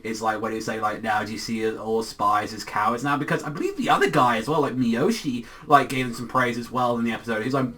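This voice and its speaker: A man casually reviewing an anime episode, rambling excitedly with lots of swearing and constant "like" fillers. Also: mid-range voice, fast, hardly any pauses. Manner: excitable, profane, heavy use of filler "like".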